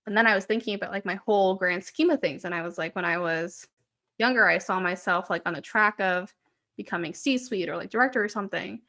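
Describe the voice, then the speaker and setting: A woman's voice: mid-range voice, brisk, sharp tone. A woman in her twenties, co-hosting a podcast, telling rambling stories in casual chat with frequent "like". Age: 20s. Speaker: podcast co-host.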